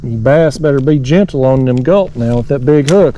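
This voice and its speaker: A man's voice: medium pitch, moderate pace, highs cut off, background noise. Folksy man talking from a kayak. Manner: folksy, rambling, talks to viewers. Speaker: fishing vlogger. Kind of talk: casual narration while fishing. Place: kayak on a lake below a dam, outdoors.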